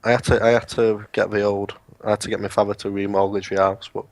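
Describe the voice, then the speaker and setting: A man's voice: on the low side, little pitch movement, brisk, dry recording. An eighteen-year-old man co-hosting a casual podcast, swearing and joking as he rants about call-centre work. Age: young adult. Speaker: podcast co-host. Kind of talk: casual chat.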